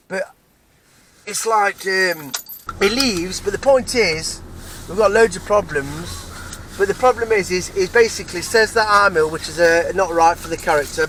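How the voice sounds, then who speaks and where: An English man with a slightly high voice talks at length about a row he has had. He rambles, restarts and repeats himself, sounding worked up throughout. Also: fairly bright tone, a little hiss or hum. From England. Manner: agitated, repetitive, restarts often. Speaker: vlogger. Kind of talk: rambling personal monologue.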